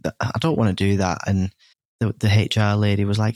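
Guy telling his story straight, lowish voice, dry close sound. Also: level tone, brisk, a little mellow, no room sound. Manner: earnest, frank, full of restarts and "you know". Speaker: podcast guest. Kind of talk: candid personal storytelling.

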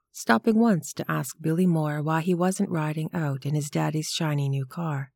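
Low-voiced woman reading a story aloud. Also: no room sound, clean studio sound. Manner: measured, even storytelling. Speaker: narrator. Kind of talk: scripted audiobook narration.

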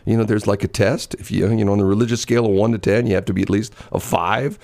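Deep-voiced rambling radio host. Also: male voice, steady tone, quick pace, creaky, darkish tone, no room sound. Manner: rambling, with many restarts and fillers. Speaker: radio morning show host. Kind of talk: casual on-air banter. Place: radio studio.

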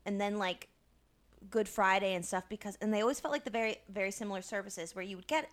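A young woman co-hosting a podcast in casual chat, rambling and animated, with lots of "like" and some swearing. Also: mid-range voice, fast talker. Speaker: podcast co-host.

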